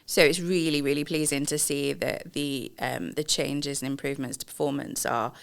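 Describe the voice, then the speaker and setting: A woman, a customer experience director, explaining in a measured way with frequent pauses and fillers in a podcast interview. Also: a bass voice, steady tone, creaky. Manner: measured, explanatory, many ums.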